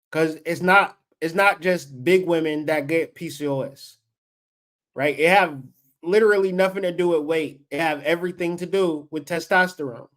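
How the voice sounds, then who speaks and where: A man in his late thirties hosting a livestream, ranting in a profane, fired-up and preachy way. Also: high voice. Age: late 30s. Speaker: livestream host. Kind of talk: unscripted livestream rant.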